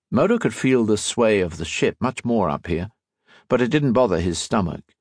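A man narrates a scripted audiobook in an expressive storytelling style. His voice is fairly low and his speed normal, captured with clean, dry studio sound.

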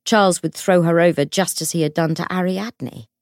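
Woman narrator, low voice, measured dramatic reading, dry close sound. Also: steady tone, a little mellow, dry recording. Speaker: audiobook narrator. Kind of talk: scripted narration.

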